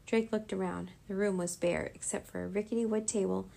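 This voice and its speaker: Woman narrator reading a kids' chapter book, gravelly fry, mid pitch. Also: steady tone, fairly quick, dark tone.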